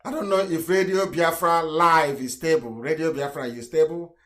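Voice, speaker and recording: A man's voice: fairly high pitch, fairly even intonation, moderate pace, fairly bright tone, distant mic. A man giving an impassioned live broadcast address, talking emphatically, repeating phrases and chuckling to himself. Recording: roomy sound, voice off the mic.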